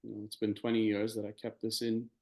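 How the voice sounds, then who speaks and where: Flat, gravelly-voiced man, halting. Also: fairly low pitch, rough recording. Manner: halting, hesitant, with many ums and restarts. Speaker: podcast guest. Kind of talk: personal testimony in conversation.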